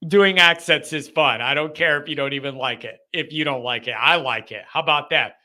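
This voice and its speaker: A man hosting a live call-in chat, talking in an animated, joking, ranting way. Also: on the high side, fairly quick. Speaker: host.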